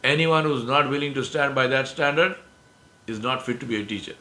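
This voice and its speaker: A man's voice: medium pitch, fairly quick, pushed and bright. Emphatic man lecturing in an echoey room. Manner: emphatic, repeats key phrases, asks rhetorical questions. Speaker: speaker giving a presentation. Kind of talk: religious lecture to an audience.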